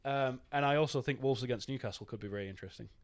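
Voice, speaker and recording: Brief: man, podcast co-host, mid-pitched, loose and sweary, laughs easily. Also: racing. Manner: chatty, swears freely, laughs often. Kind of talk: casual football chat.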